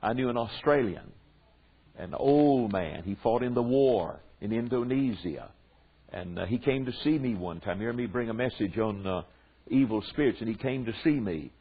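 A man's voice: medium pitch, expressive, normal speed, husky. An older man with a Southern US accent preaching a sermon to a group of men, drawing out his words for emphasis and mixing in folksy asides. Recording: tinny phone-like recording.

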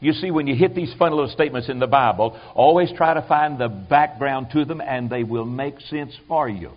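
A man preaching a sermon, animated, acting out quoted voices and dropping to quiet asides. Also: mid-range voice, normal speed. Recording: dull lo-fi sermon recording.

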